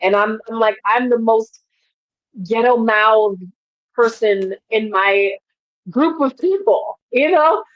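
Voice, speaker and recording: Woman co-host, casual and emphatic, higher voice, dry and dull recording. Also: slow, no room sound. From New York. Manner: animated, laughs often, emphatic. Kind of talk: casual chat.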